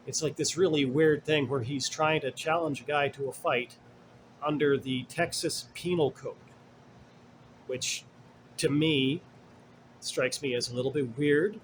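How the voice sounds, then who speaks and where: A man's voice: fairly high pitch, a little hiss or hum. A man hosting a casual commentary monologue, rambling and digressive with many asides, blunt and sarcastic at times. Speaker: commentary host.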